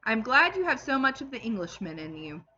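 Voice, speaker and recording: A woman's voice: a little high, big pitch swings, a little fast, muffled recording, slight background noise, voice pushed up. A woman reading aloud and voicing an outspoken, fussy older Englishwoman, a loyal servant who speaks emphatically and scolds freely. She sounds like a teacher reading a classic novel to a class. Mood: emphatic. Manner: emphatic and loud, scolding and opinionated.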